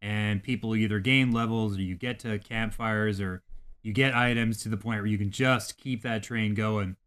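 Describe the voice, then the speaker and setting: A man's voice: lowish voice, steady tone, normal speed, a bit bright, clear, resonant tone. A man co-hosting a gaming podcast, talking casually and animatedly, swearing freely as he rants about games. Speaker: podcast co-host.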